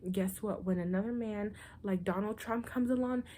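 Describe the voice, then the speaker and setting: A woman's voice: medium pitch, moderate pace, mellow, slight background noise. A woman ranting to camera in a blunt, profane, sarcastic way, full of exasperation. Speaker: vlogger. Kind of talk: political rant to camera.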